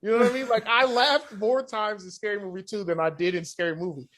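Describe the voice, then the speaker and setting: High-voiced man swearing through animated stories. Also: fast talker. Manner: profane, animated storytelling that acts out quotes. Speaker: guest. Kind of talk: casual podcast chat.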